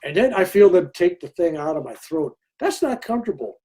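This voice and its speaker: A man's voice: high voice, a little fast, breathy edge. An older man telling a story as an interview guest, acting out what other people said. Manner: animated storyteller who acts out other people's lines. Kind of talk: storytelling in conversation.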